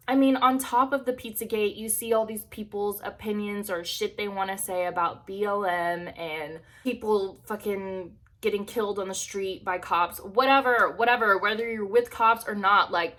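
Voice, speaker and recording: A woman's voice: mid-range voice, sharp tone. A young woman vlogging from her bedroom, rambling candidly to the camera with lots of "like" and casual swearing. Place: bedroom at home.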